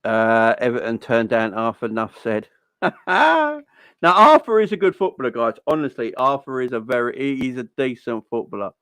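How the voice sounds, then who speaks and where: A young man hosting a casual football fan livestream, chatty and giving shout-outs to viewers. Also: medium pitch, big pitch swings, moderate pace, clear, resonant tone, dry recording.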